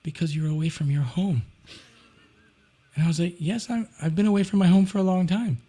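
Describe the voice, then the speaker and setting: A man, a podcast guest, telling travel stories in a lively way, slipping into sung and acted quotes. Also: high-pitched, a little fast, slightly rough. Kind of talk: animated storytelling.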